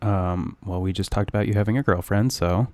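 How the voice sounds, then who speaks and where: A man's voice: fairly low pitch, a little fast, very noisy. A young man co-hosting a podcast, teasing his friend in profane, rambling casual banter full of fillers. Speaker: podcast co-host.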